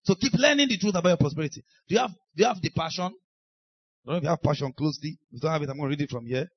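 A man's voice: a little high, lively intonation, racing, slightly rough, dry recording, lo-fi sound. Emphatic Nigerian preacher man. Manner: emphatic, acts out quoted speakers. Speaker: pastor. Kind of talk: sermon.

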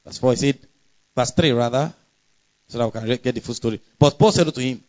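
Male preacher, mid-pitched, emphatic and chatty, slightly muffled recording. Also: brisk, darkish tone. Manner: emphatic, conversational preaching with frequent laughs and scripture readings. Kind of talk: sermon.

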